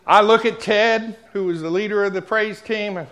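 A man preaching a sermon, telling a personal story and talking straight to the congregation, dropping to a hush at times and rising loud at others. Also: high-pitched, steady tone, normal speed. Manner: storytelling, swings from hushed to loud; addresses the congregation directly.

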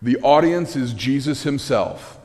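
Animated man preaching in an echoey hall. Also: medium pitch, measured pace. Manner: animated storytelling with wry asides. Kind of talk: conversational sermon.

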